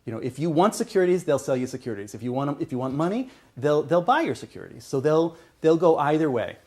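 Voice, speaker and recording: A man's voice: fairly high pitch, big pitch swings, quick pace, darkish tone, breathy edge. Man giving a university lecture. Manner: explanatory, frequent "okay" checks and restarts. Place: lecture hall.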